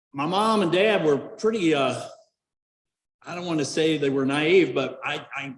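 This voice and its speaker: A man's voice: mid-range voice, roomy sound, big-room sound, rough recording. A middle-aged man giving a folksy after-dinner speech, full of fillers and restarts. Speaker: Rotary club member giving award introduction. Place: event hall.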